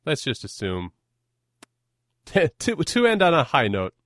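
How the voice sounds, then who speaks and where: A man's voice: on the high side, wildly swooping pitch, a little slow, fairly bright tone, no room sound, clean studio sound. A man hosting a podcast in casual chat, joking and poking fun at himself. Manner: joking, self-deprecating banter. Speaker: podcast host.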